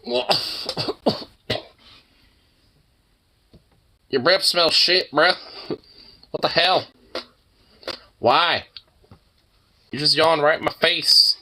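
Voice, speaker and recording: A man's voice: a little high, drawn-out words, long pauses, pushed and bright, slight background noise. A man chatting to his pet dog in teasing baby talk, mixing cooing with swearing. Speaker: pet owner vlogger.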